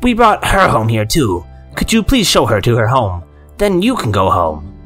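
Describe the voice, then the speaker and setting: A man voicing a possessed military general who speaks gruffly, slowly and with eerie care. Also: medium pitch, huge pitch swings, fairly bright tone, soft background music, pitched above the performer's own voice, exaggerated voice. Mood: eerily kind. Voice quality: gruff, slow and delicate. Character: sinister male military general, possessed, coldly coaxing.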